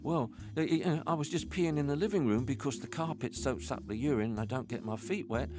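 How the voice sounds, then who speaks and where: A man's voice: mid-range voice, quick pace, voice pushed up, close to an everyday voice. A man voicing a young male puppy who gossips and complains about his owners. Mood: indignant.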